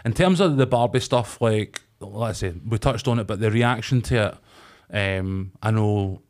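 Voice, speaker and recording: A man's voice: on the low side, normal speed, darkish tone. A Scottish man in his forties chatting casually as a podcast co-host, telling stories and acting out quoted voices. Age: 40s. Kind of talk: casual chat.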